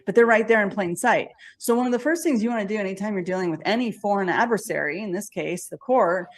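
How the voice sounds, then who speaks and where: A woman's voice: medium pitch, fast. Rambling woman lecturing with false starts. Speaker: speaker in a played video. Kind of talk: lecturing monologue.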